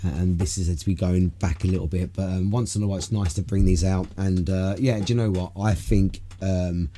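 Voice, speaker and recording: A man's voice: sits low, fairly even intonation, brisk, warm tone, slight background noise. A man hosting a casual live stream, rambling loosely from topic to topic and swearing freely. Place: home room.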